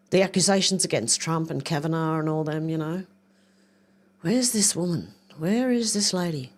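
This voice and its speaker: An older woman chats on her livestream in a loose, rambling way. She reads viewer comments aloud and thinks out loud while she clicks around. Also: on the low side. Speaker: livestream host. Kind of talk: casual livestream chat reading viewer comments.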